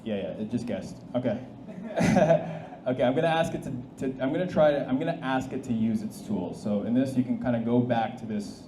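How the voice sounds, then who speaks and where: Brisk and mid-range, this presenter walks an audience through a live AI agent demo in an informal way, reasoning aloud and frequently starting sentences over. The hall is echoey with a little background noise.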